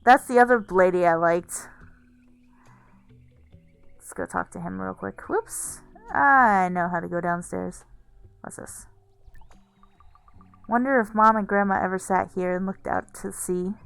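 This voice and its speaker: A woman's voice: medium pitch, unhurried, gravelly, pauses often, fairly bright tone, clean tone, soft background music. A woman streaming a game, musing aloud in casual let's-play commentary.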